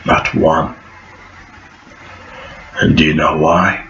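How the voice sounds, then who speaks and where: Deep-voiced man preaching slowly. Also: flat delivery, gravelly, a bit bright, a little hiss or hum. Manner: preachy, prophetic, repeats phrases for emphasis. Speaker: vlogger. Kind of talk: preachy vlog monologue. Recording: echoey room, dull lo-fi sound.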